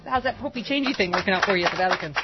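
A woman's voice: mid-range voice, lively intonation, lo-fi sound, loud music behind the voice. Woman hosting political talk radio. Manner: quick, laughing, restarts a lot. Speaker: radio talk show host.

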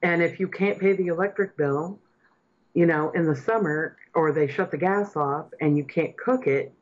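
A woman's voice: lowish voice, moderate pace. A woman hosts political talk radio, speaking with earnest, impassioned conviction. Her points build toward emphatic declarations. The sound is slightly dull and muffled. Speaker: radio host.

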